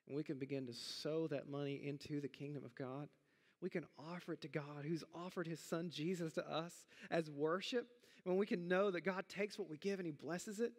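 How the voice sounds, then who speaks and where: A middle-aged man preaching a sermon as pastor, talking in a conversational, animated way with big jumps in pitch. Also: in a large hall. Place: church sanctuary.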